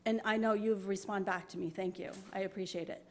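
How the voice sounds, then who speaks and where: A woman's voice: medium pitch, fairly even intonation, fairly quick, a little hiss or hum. A woman resident from New York, making an emotional public comment at a town board meeting, apologetic but insistent, at a podium microphone.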